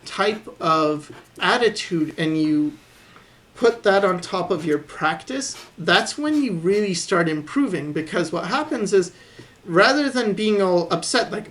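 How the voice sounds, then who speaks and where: Man, art teacher, voice-over while drawing, thinking aloud, calm, encouraging. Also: sits high, a little slow. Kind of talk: voice-over commentary while sketching.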